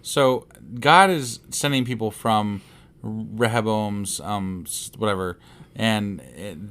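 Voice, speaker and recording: A man's voice: lowish voice, slow, fairly bright tone, clear, resonant tone. Skeptical man with dry remarks. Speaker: podcast co-host. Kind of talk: casual Bible-study chat.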